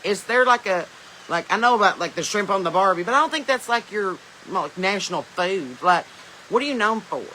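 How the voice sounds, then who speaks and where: Brisk and lively with a sharp, medium-pitched voice, a podcast host with a Southern US accent streams casually from her phone. She rambles, laughs a lot and reads out comments from viewers. The recording is rough, with slight background noise.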